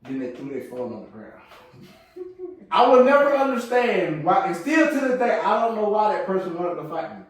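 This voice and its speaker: A man's voice: sits high, normal speed. A young man telling stories in a casual podcast chat, acting out other people's voices as he goes. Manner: animated, acts out voices in his stories. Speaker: podcast co-host. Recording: echoey room, mic at a distance.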